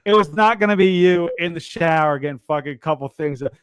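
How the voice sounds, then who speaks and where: A man's voice: on the high side, a little fast, smooth, no room sound, studio quality. A man co-hosting a gaming podcast, blunt and profane, teasing his friend in casual chat. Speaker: podcast co-host.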